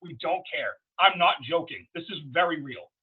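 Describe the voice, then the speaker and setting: A man, a wrestler guest on an interview podcast, telling stories in a profane, rambling, animated way. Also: on the high side, moderate pace, husky. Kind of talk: casual storytelling interview. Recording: dull lo-fi podcast audio.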